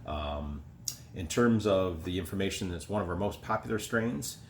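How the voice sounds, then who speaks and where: Male host, slight country accent, deep voice, rambling and relaxed, filler-heavy. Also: moderate pace, a little hiss or hum. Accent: rural American. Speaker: homebrewing video host. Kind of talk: casual beer review.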